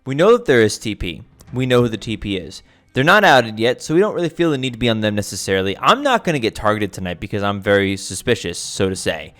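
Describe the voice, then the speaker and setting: A man's voice: fairly low pitch, big pitch swings, quick pace, fairly bright tone. A man giving casual commentary over his own gameplay, thinking aloud with many restarts and fillers. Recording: faint background music.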